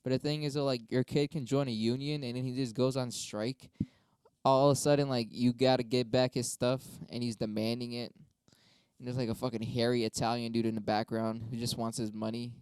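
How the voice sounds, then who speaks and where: A man's voice: mid-range voice, little pitch movement, fairly quick, darkish tone, smooth, no room sound. A young man talking casually on a stream, arguing both sides of debate prompts with himself in a rambling, profane way. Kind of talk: casual solo monologue.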